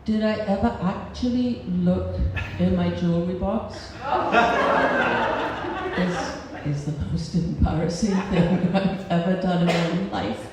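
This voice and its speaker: A woman telling a comic, animated personal story live on stage before an audience. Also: on the low side, takes it slowly, heavy background noise. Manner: animated, comic, laughing at her own story. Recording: roomy hall from a distance.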